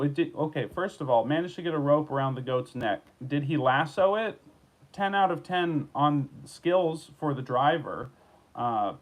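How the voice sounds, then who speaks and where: A man's voice: a little high, low-quality recording. A man hosting his own show, reading odd news stories aloud and riffing on them sarcastically, full of restarts and asides, recorded at home. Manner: rambling, sarcastic, restarts and riffs on news he reads. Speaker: host. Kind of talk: solo comedic news rant.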